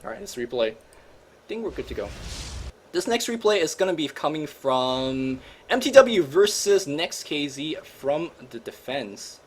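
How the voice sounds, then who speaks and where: A man hosting a gaming show, commentating replays in an energetic, joking, slangy way. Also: a little high, unhurried, slight background noise. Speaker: host and caster.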